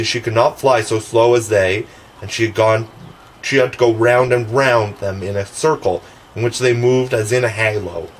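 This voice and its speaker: A man's voice: medium pitch, a little hiss or hum, low-quality recording. A man narrating a classic children's novel as an audiobook reader, with occasional stumbles and restarts.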